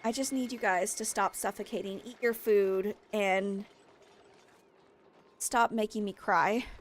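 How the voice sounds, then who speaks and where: A young woman streaming a game, frantic and excitable, laughing at her own stress. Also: medium pitch, unhurried, slight background noise. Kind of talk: gameplay commentary.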